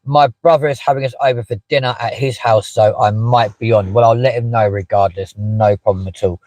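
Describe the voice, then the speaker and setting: A man's voice: medium pitch, steady tone, a little fast, a little mellow, no room sound, rough recording. Rambling man chatting from a car. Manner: chatty and rambling, with many fillers and asides. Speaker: livestream host. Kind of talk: casual live-stream chat, reading out viewer comments. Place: inside a parked car in a car park.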